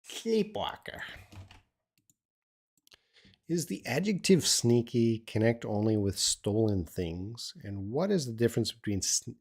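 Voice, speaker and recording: A middle-aged man with a somewhat low voice runs a live English lesson, reading viewers' questions and thinking aloud. He talks in an encouraging way, often restarting his sentences as he works toward an answer. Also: a little mellow, slightly rough. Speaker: English teacher.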